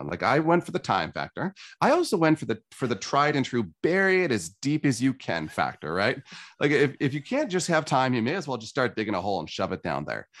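Animated man telling his story. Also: mid-range voice. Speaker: guest sharing his story. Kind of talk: personal storytelling in conversation.

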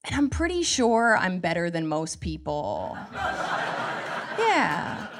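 A woman's voice: on the low side, sing-song, slow. A woman in her thirties doing a stand-up comedy set, telling wry, self-mocking stories that build to punchlines. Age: 30s. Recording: noisy live stand-up recording.

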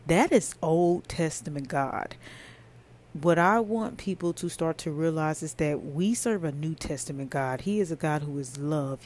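A woman's voice: low voice, mellow. A woman hosting a faith podcast, speaking earnestly and conversationally, preaching straight to her listeners. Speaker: podcast host.

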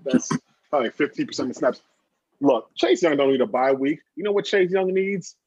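A man's voice: on the high side, animated, brisk, a little mellow, breathy edge, dull audio. A man co-hosting a casual sports chat, emphatic and swearing freely as he makes bold predictions. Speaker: podcast co-host.

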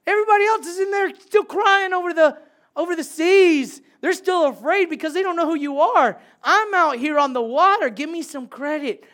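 A man voicing the disciple Peter as an indignant, protesting figure who demands credit, in a raised, loud voice. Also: very high voice, moderate pace, voice pushed up.

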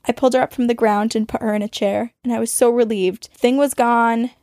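Higher-voiced woman telling a spooky tale. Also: steady tone, darkish tone, no echo, studio quality. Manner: dramatic storytelling, speeding up and slowing down for suspense. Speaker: podcast host. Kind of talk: reading a listener's ghost story aloud.

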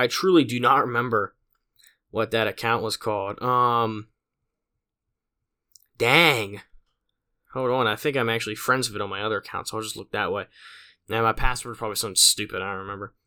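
A man's voice: mid-range voice, steady tone, quick pace, long pauses, sharp tone, clear, resonant tone. A teenage man hosting his own podcast, rambling casually with lots of fillers and self-deprecating asides. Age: late teens. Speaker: podcast host. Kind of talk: casual solo podcast monologue.

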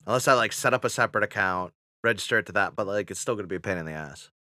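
A man's voice: lowish voice, racing, bright, forceful tone, dry recording, clean studio sound. A young man co-hosting a casual podcast, joking, swearing and stumbling while reading aloud. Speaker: podcast co-host. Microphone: studio mic.

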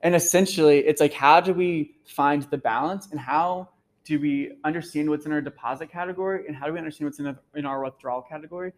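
A man's voice: a little high, fast, rough recording. A man with a slightly raised voice gives a faith talk to students as their campus minister. He speaks conversationally, scattering "like" and "um" throughout. His delivery is earnest and personal, built around stories from his own life. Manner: conversational, full of "like" and "um" fillers. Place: gathering room at a campus center, live audience.

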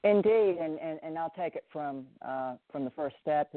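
A man's voice: fairly high pitch, fairly even intonation, moderate pace, no echo, phone-quality sound. A middle-aged man with a Southern US accent, a writer answering interview questions thoughtfully, often restarting and repeating words. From Southern United States.

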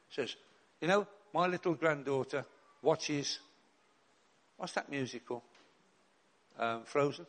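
An older man, a bishop and chaplain preaching a sermon in an earnest, direct way with rhetorical questions and repeated refrains. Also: mid-range voice.

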